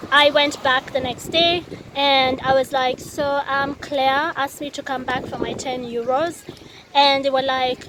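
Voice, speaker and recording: A woman from Kenya telling a story in a casual vlog, chatty and animated, laughing often, recorded outdoors by a busy road near the sea. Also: high-pitched. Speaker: vlogger. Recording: noisy outdoor street ambience.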